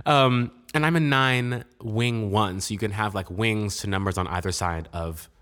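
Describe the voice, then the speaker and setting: A man's voice: lowish voice, moderate pace, fairly bright tone, smooth. A young man co-hosting a casual podcast, talking in a rambling, jokey way with lots of fillers. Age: young adult. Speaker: podcast co-host. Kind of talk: casual chat.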